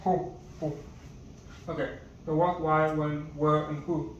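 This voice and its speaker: Hesitant male teacher with a higher voice, listing words one at a time, recorded muffled in an echoey room. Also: level tone, takes it slowly, far from the mic, slight background noise. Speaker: language teacher. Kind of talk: casual vocabulary lesson.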